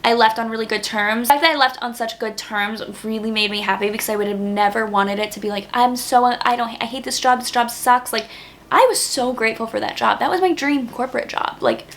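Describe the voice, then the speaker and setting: Young woman, YouTuber, casual vlog, earnest, filler-heavy, higher voice with vocal fry. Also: fast talker, fairly bright tone, a little hiss or hum. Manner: earnest, grateful, with frequent "like" fillers. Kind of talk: casual vlog talk to camera.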